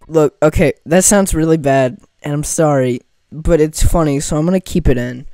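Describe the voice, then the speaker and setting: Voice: medium pitch, normal speed, hardly any pauses, dark tone, smooth, no room sound, faint music behind. A game streamer reading the dialogue aloud and cracking jokes over the gameplay. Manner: jokey, goofy, riffs on the game text.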